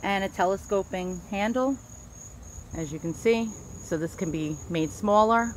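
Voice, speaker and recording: In no hurry, this Queens-accented antique dealer chats about her wares in a mid-range voice, occasionally stumbling over a name. She's middle-aged, and a faint hiss or hum sits under the audio.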